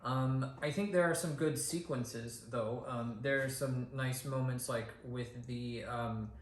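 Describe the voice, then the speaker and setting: A man's voice: medium pitch, fairly even intonation, a little slow. A man co-hosting a podcast, giving a casual movie review with lots of ums and restarts. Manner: rambling, many ums and restarts. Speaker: podcast co-host. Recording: echoey room with faint hiss.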